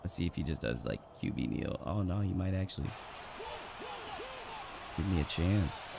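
A man giving live gameplay commentary, swearing and trash-talking and yelling when he gets excited. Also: sits low, normal speed, creaky, noisy background. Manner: excitable, profane trash talk, shouts when hyped. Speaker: gaming channel host.

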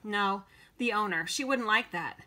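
A woman's voice: medium pitch, unhurried, bright, forceful tone. A woman voicing a shy, awkward shopkeeper man who hesitates and stammers, in an audiobook reading. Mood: hesitant. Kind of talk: audiobook character voice.

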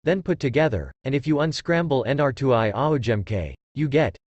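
Eager schoolgirl ninja voiced by a man, lively pitch, dry sound. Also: moderate pace, no echo, dull audio, lightly acted. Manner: eager, explaining. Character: clever schoolgirl ninja, excited.

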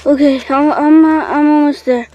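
Luigi is a nervous grown man who gripes and frets through a goofy comedy sketch, voiced by a woman. The voice sits very high and sounds whiny and anxious. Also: steady tone, normal speed, mellow, lo-fi sound, natural voice. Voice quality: whiny, complaining.

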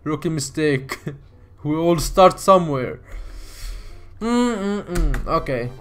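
A man's voice: on the high side, expressive, slow pace, fairly bright tone, soft background music. A man hosting a gaming video, reading the story text aloud and then reacting with frequent exclamations, yelps and nervous laughs. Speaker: gaming channel host.

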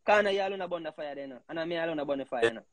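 A man with a Jamaican accent talking in patois in a rambling, animated casual chat, leaning on "you know" again and again. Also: a little high, rapid-fire, dry recording.

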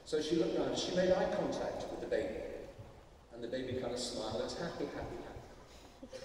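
A man's voice: mid-range voice, animated, moderate pace, distant mic, background noise. Man speaking in an echoey hall. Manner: conversational, addresses audience directly. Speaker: conference speaker. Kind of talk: conference talk with storytelling. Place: large conference hall.

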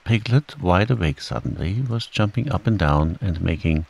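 A man calmly reading a bedtime storybook aloud, in a soothing manner. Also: deep voice, normal speed, gravelly. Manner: calm, soothing. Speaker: narrator.

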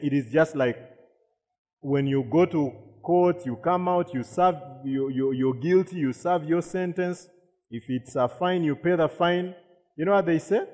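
Pastor preaching in a reverberant hall. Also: male voice, a little high, darkish tone. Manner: repeats words, asks the congregation questions. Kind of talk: sermon.

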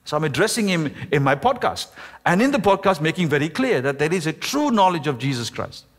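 A man, the pastor, preaching a sermon with emphasis, slowing down and stretching key words. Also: a little high, big pitch swings. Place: church sanctuary. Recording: echoey church hall.

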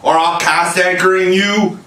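A blustering, menacing pirate captain bellows his orders in a loud, raised voice, as a male narrator puts him on. He sounds set back from the mic in an echoey room. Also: on the high side, unhurried, distant mic, voice pushed up, lightly acted. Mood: furious. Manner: roaring, raised commanding shouts.

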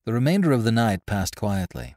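A man narrating a classic adventure story in an expressive reading voice, close to the mic. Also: lowish voice, brisk, no room sound. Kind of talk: audiobook narration.

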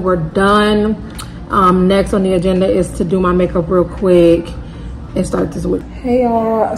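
A woman's voice: medium pitch, slight background noise, low-quality recording. A young woman talking casually to her viewers in a vlog. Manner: chatty, talks straight to viewers as y'all and baby. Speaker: vlogger and content creator. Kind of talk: casual vlog chat to camera.

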